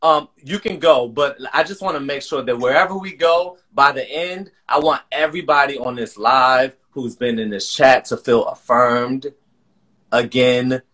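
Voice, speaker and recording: A man's voice: medium pitch, unhurried, fairly bright tone. A man talking earnestly and emotionally in a live-streamed conversation. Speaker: guest, choreographer and artistic director.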